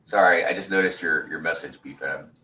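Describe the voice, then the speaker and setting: A man's voice: very deep voice, normal speed, bright, forceful tone, reverberant, far from the mic, slight background noise, rough recording. A man in his forties hosting a casual livestream, rambling in a laid-back way, laughing easily and reading chat comments aloud. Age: 40s. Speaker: host of a building livestream.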